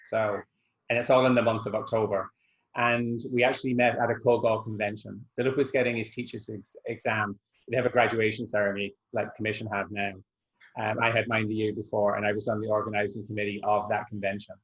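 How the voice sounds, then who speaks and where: A man's voice: lowish voice, level tone, fairly quick. Man telling stories over a dull call. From Scotland. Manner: chatty anecdotal storytelling. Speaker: Irish dance teacher and adjudicator. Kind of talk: casual interview chat.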